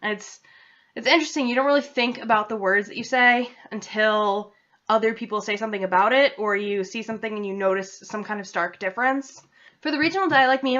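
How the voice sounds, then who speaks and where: A young vlogger from central Massachusetts, with a New England accent and a slightly high, somewhat bright voice, rambles casually to her laptop camera. She's self-deprecating, and the webcam yields dull lo-fi audio.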